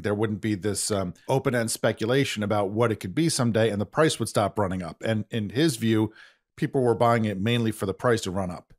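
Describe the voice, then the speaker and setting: Chatty self-deprecating male podcast host. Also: fairly low pitch. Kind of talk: conversational podcast banter.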